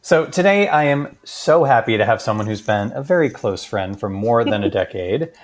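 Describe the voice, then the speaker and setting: A man from Boston co-hosting a chatty podcast, playful and animated. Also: fairly low pitch, moderate pace. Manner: playful, animated, slips into joke voices. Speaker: podcast co-host. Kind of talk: casual chat.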